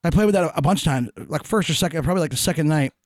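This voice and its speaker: A man's voice: fairly high pitch, racing, dry recording, clean studio sound. A middle-aged man telling stories in a casual chat, profane and laughing often.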